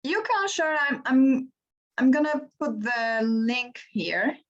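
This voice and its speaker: A woman's voice: high voice, expressive, takes it slowly, dull audio. A woman giving brief, helpful instructions during an online session. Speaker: session helper. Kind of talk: online academic discussion. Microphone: video call.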